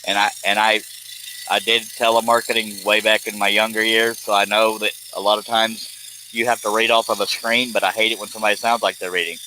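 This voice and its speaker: A man's voice: fairly low pitch, steady tone, brisk, background noise. A man hosting a live stream, rambling and joking in casual chat as he reads viewer comments aloud.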